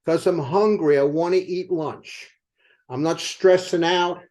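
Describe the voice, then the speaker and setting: An older man with a high-pitched voice delivers a motivational sales talk. He tells it as a lively story and keeps asking his listeners rhetorical questions. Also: unhurried. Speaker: company co-founder speaking to sales team.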